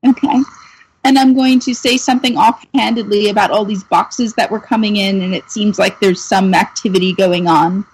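A woman takes part in a casual tabletop game, her voice a little husky. She asks the game master short, direct questions about the scene. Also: medium pitch, steady tone, moderate pace, low-quality recording. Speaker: player.

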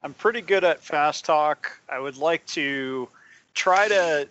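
Bright-voiced male game player. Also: fairly high pitch, slow pace, muffled recording. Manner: hesitant, chatty, says what his character does. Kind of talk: casual game talk.

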